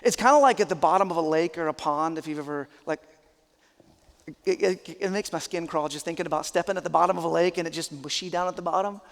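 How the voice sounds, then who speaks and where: A man's voice: on the high side, quick pace, in a large hall. A man, a pastor, preaching a sermon in an earnest, conversational, emphatic way.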